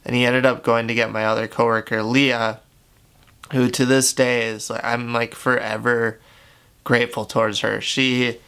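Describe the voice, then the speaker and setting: A young man telling his own story to the camera, candid and halting, with lots of fillers and swearing. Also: mid-range voice, level tone, vocal fry, a bit bright, clear, resonant tone. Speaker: YouTuber. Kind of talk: confessional storytelling.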